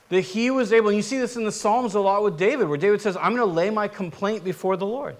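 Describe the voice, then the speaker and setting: A man preaching a sermon in a conversational, animated way, often acting out quoted voices. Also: high-pitched, brisk. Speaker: pastor.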